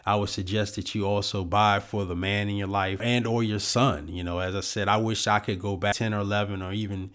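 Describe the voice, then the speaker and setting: A man's voice: on the low side, steady tone, fairly quick, hardly any pauses, fairly bright tone. A man hosting a solo book-review podcast, talking in an earnest, reflective way with lots of "you know" fillers.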